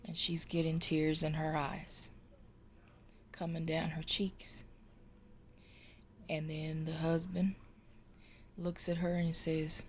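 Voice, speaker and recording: Woman storyteller, low and unhurried, jokes to camera. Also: completely flat delivery, slight background noise. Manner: slow, drawn-out delivery. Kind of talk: telling a joke to camera.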